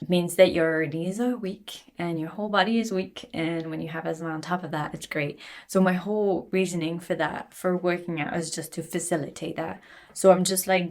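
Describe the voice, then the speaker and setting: A woman in her twenties chatting casually while answering viewer questions, laughing often. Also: on the low side. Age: 20s. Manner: chatty, laughs often, switches languages, sings snippets. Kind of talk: casual Q&A chat.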